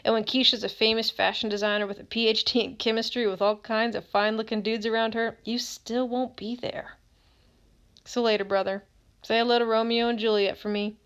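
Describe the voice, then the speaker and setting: A woman's voice: fairly high pitch, little pitch movement, a little fast, clear, resonant tone, close to an everyday voice. A woman reading as a grieving teenage boy who writes to a dead friend in plainspoken, slangy words, in an audiobook.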